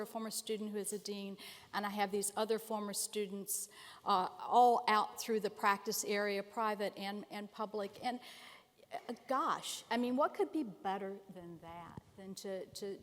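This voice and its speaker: A woman's voice: medium pitch, moderate pace. An older woman, a retired law school dean, speaking earnestly and reflectively on a conference panel. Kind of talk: panel discussion on stage. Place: large conference hall. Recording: long hall reverb.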